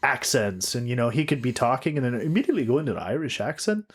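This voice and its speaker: A man's voice: medium pitch, lively intonation, fast talker, husky. Rambling young man, podcast co-host. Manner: rambling, gushing, jokey, swears freely. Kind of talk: casual podcast chat.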